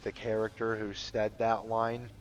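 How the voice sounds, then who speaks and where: Male gamer talking slowly and loosely, many fillers and curses, easygoing rambling chat. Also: on the low side, monotone, muffled recording, slight background noise. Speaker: gamer commentating a playthrough.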